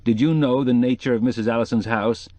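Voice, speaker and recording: A man voicing a stern, gruff male newspaper reporter in an audiobook. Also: medium pitch, fairly even intonation, fairly quick, warm tone, dry recording, voice pushed up, lightly acted.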